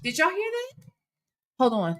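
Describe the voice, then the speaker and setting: Brief: animated woman host, dry close sound, loose casual chat with viewers. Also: high-pitched, unhurried, no room sound. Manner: chatty, talks to viewers, swears casually. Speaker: reaction channel host. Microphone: desk microphone.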